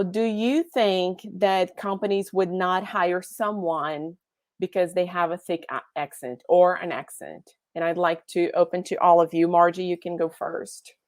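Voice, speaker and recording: A woman's voice: on the low side, a little mellow, dry recording. A woman moderating a round table discussion, hesitant and prone to restarts. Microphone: video call.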